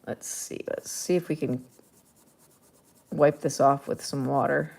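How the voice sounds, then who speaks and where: A woman's voice: rumbling low, fairly even intonation, measured pace, vocal fry, darkish tone, breathy edge. A woman artist talking casually to the viewer as she paints, chatty, playful and thinking aloud. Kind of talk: casual narration while painting.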